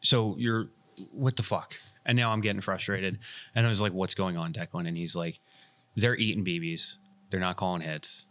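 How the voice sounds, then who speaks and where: A man hosts a casual podcast and retells a story with energy, acting out what each person in it said. His voice sits low, but the tone is bright and forward. He talks like someone chatting with friends. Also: a little fast. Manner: animated retelling, acts out quoted dialogue. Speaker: podcast host and airsoft field staff.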